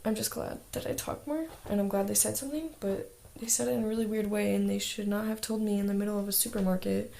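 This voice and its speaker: Teen girl rambling in a vlog diary, lots of "like", gravelly fry. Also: medium pitch, steady tone, quick pace, few pauses, dark tone, slight background noise. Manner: chatty, lots of "like" fillers. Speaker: exchange student vlogger. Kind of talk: casual video diary.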